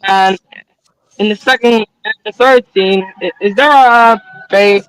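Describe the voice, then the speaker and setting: A man keeps asking his friends trivia questions during a casual stream chat. His voice is high-pitched. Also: measured pace, a bit bright, smooth, no echo, low-quality recording. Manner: quizzes the others with trivia questions.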